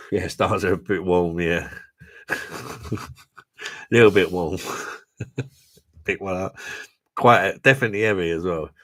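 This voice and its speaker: A man with a deep, bright and forceful voice speaks a little slowly, pausing often, as he hosts a casual drinking livestream. He's tipsy and reads viewer comments, swearing, laughing frequently and calling people "mate."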